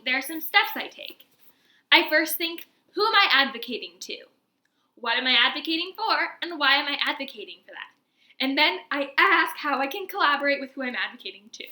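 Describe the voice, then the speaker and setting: An upbeat woman explains things casually, walking the viewer through steps. Her voice is high and sharply bright, and her lively delivery carries a roomy echo. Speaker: video creator and learning-disability advocate.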